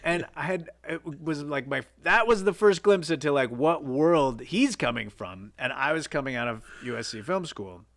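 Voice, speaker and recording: Filmmaker guy rambling through old shoot stories, raspy creaky voice. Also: a little high, lively intonation, moderate pace, hardly any pauses, fairly bright tone. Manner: rambling anecdotes with many fillers and restarts. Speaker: guest filmmaker. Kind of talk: casual storytelling in an interview.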